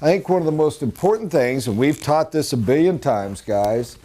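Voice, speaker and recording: A man's voice: a little high, expressive, normal speed, mellow. A middle-aged man giving a rambling, earnest motivational talk as a sales trainer.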